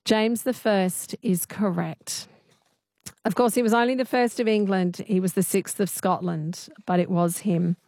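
A woman's voice: mid-range voice, fairly even intonation, unhurried, darkish tone, no room sound. A woman hosting a late-night radio quiz, chatty and friendly, explaining the answers at length. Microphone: studio microphone.

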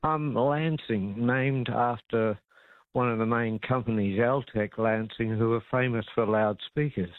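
A man's voice: mid-range voice, fairly even intonation, measured pace, no echo. A man calling in to a radio quiz who rambles hesitantly. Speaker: radio caller. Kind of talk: casual talkback call. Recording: tinny phone line.

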